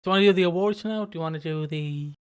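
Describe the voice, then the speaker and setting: Podcast co-host, smooth clear voice, mid pitch, rambling anecdotal chat with casual swearing. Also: fast, darkish tone. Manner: rambling storyteller, swears freely.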